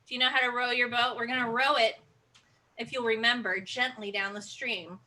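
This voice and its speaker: A woman's voice: a little high, fairly even intonation, brisk, pushed and bright. A woman leading an online children's sing-along, speaking in a playful, encouraging way with gasps and animal noises over a video call.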